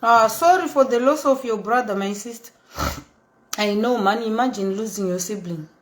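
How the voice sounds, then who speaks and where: A woman in her thirties with a Zimbabwean accent, telling her story in a chatty, animated way that mixes English and Shona. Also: mid-range voice, echoey room. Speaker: socialite vlogger. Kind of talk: casual storytelling monologue.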